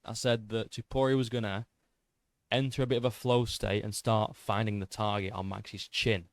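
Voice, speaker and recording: A young man recapping a fight in an excitable, boastful way, swearing and tripping over his words. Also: lowish voice, normal speed, no echo. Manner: boastful, excitable, swears a lot, stumbles and repeats. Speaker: MMA YouTuber.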